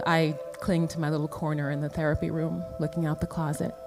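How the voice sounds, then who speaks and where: A woman's voice: low voice, flat delivery, a little fast, music in the background. Earnest woman telling a personal story. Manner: earnest, emotional, shifting pace.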